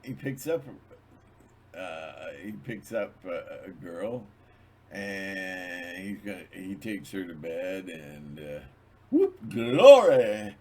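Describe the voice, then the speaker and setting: Host, lower-voiced man, slow rambling monologue, digresses and restarts. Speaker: channel host.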